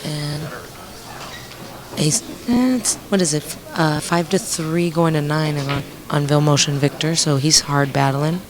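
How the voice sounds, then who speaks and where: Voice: mid-range voice, measured pace. A commentator calling a pool match on a live stream, chatty and jokey, laughing easily. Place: pool hall. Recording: pool hall crowd audible behind.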